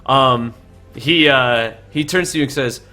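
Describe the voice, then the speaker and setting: A man narrating and running a tabletop game as game master, in a casual, halting way, over faint music. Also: mid-range voice, sharp tone.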